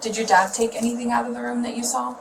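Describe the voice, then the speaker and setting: Calm woman investigator, recorded from afar. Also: on the high side, fast, vocal fry. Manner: calm, brief prompts. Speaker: police investigator. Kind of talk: police questioning. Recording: distant mic with loud noise.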